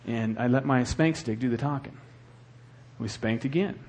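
A man preaching a sermon as the church's pastor, swinging between hushed, earnest talk and loud, fervent exhortation. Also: medium pitch, moderate pace.

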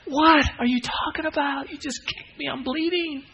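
A preacher acting out a startled churchgoer who was just kicked in the shin, shrill and indignant. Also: male voice, normal speed, bright, forceful tone, dull audio, heavily acted. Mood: shocked.

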